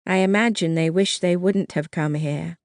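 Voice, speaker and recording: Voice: mid-range voice, fairly even intonation, moderate pace, no echo, studio quality, voice pushed up, natural voice. A narrator playing a timid young woman. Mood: hesitant. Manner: hesitant, earnest.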